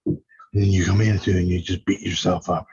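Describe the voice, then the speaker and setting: A man hosts a self-help podcast as a coach, speaking earnestly but casually and sometimes voicing his own doubting inner voice. His voice is low and level, his pace brisk. The sound is lo-fi with a noisy background.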